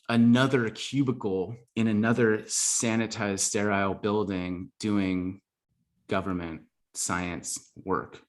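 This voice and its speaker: Give me a man with a lowish voice telling his own story, earnest and reflective. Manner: earnest, reflective, full of fillers like "like". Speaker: podcast guest, life coach. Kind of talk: casual storytelling interview.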